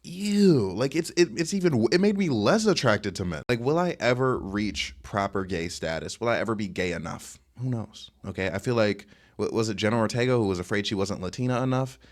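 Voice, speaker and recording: Fast-talking, rambling young man. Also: fairly low pitch, animated. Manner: fast, rambling, slangy and boastful. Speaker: streamer telling a dating story. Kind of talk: casual storytime rant. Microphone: webcam setup at home.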